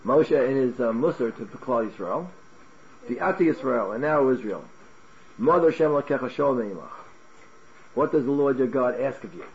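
Animated male Torah teacher, muffled. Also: medium pitch, normal speed. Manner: animated, asks rhetorical questions, restarts words. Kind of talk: Talmud class lecture.

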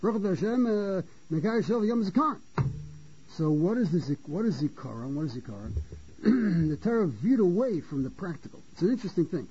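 Man, Torah lecture, high-pitched for a man, husky, dull lo-fi sound, repeats himself, rhetorical questions. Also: expressive, mellow. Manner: halting, repeats and restarts phrases; poses rhetorical questions and answers them. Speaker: Torah teacher. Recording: dull lo-fi recording.

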